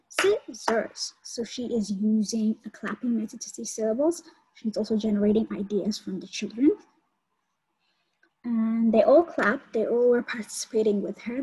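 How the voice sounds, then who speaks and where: Instructor, woman, breathy, higher voice, patient step-by-step explainer. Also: dark tone, poor audio. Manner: explains step by step, repeats key points. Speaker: college instructor. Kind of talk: online lecture on teaching.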